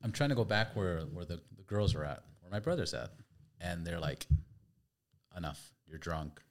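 A man hosting a podcast, telling a story in a chatty, halting way and acting out voices. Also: deep voice, animated. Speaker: podcast host. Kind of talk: casual storytelling.

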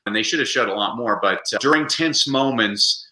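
Bright, forceful man telling stories. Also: mid-range voice, a little fast, roomy sound, poor audio. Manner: lively anecdotes with acted-out quotes. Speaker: guest, reading advocate. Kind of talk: animated storytelling in a podcast interview.

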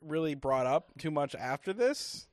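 A man's voice: a little high, sing-song, a little slow, dry recording, studio quality. A man co-hosting a podcast in a casual recap chat, dropping wry comic asides. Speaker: podcast co-host.

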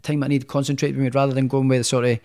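Talking very fast at medium pitch, the guest keeps a level tone with a slightly mellow quality. He's a Scottish professional boxer recounting his story in an interview, rambling and self-deprecating, with frequent restarts and fillers.

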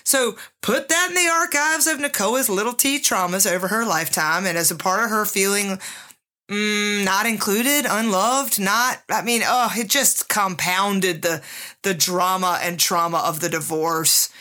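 A woman's voice: mid-range voice, measured pace, pushed and bright. A middle-aged woman hosting a podcast, telling a personal story in a candid, emotional way and speaking directly to her listeners. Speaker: podcast host.

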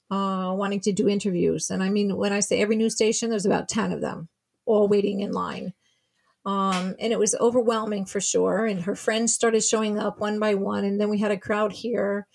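A woman's voice: medium pitch, gravelly, a little mellow. Grieving mother recounting a tragedy. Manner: tells events by acting out quoted dialogue. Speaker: interviewee, mother of a murder victim. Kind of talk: emotional personal account.

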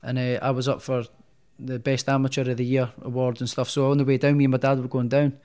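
A man's voice: medium pitch, fast talker. A young man, a professional boxer telling stories in a casual interview, with many restarts. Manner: rambling, animated storyteller with many restarts.

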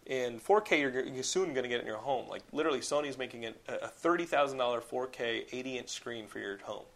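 This podcast co-host has a medium-pitched voice and a brisk delivery while he reviews films in loose conversation. His talk wanders, is packed with "like," and gets profane and lively.

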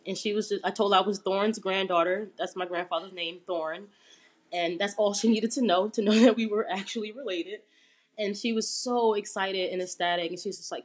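A woman interview guest telling a personal story in a relaxed, chatty way with many fillers. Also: medium pitch, moderate pace.

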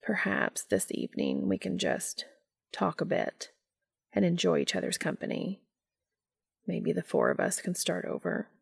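A woman voicing a calm, gentle man who speaks in a quiet, soothing murmur. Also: on the low side, unhurried, vocal fry, husky, heavily acted. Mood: earnest. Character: calm, gentle man, steady and soft-spoken.

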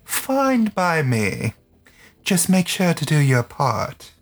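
A man voicing a dry, slow-spoken female mist-shifter. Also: fairly high pitch, huge pitch swings, soft background music, full character voice. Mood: languid. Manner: slow, languid, unbothered.

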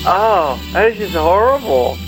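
A man co-hosting a casual podcast, laughing and ranting with lively swings in his voice. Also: sits high, unhurried, over music, low-quality recording. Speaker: regular co-host.

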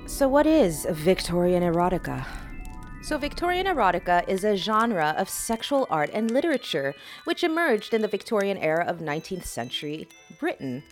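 A woman's voice: mid-range voice, sing-song, normal speed, soft background music. A woman hosting a podcast in a playful, teasing and suggestive chat, often laughing. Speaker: podcast host.

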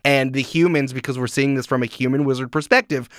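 A man talking casually on a podcast, animated and full of "like" fillers. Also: mid-range voice, fast, clear, resonant tone, no room sound, clean studio sound. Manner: animated, uses many "like" fillers, acts out quotes. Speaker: podcast guest.

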